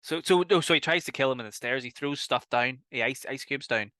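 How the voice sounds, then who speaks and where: A man with a Northern Irish accent, co-hosting a casual podcast chat with relaxed, dry remarks. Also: medium pitch, fairly quick, dry recording. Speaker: podcast co-host.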